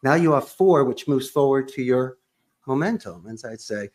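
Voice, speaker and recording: Here a man who owns a call center gives an animated podcast interview at normal speed. His mid-range voice is expressive with a darkish tone, and he talks in an emphatic, punchy way, sprinkling in plenty of sports and pop-culture references.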